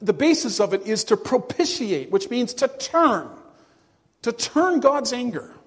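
A male pastor preaching a sermon to his congregation, earnest and emphatic, with hushed drops. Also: extremely high pitch, sing-song, measured pace, slightly rough, big-room sound. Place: church.

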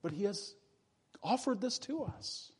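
A man preaching a sermon in a fairly high voice. He is earnest and deliberate, and he slows down and sinks his voice low to press home each key phrase. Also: lively intonation, breathy edge. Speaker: pastor.

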